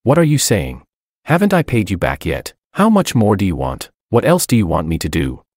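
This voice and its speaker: A man's voice: wildly swooping pitch, moderate pace, darkish tone, no echo, studio quality. A man reading the lines of an accusing, guilt-tripping mother in a storybook narration. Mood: accusing, pleading. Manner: shrill, accusing.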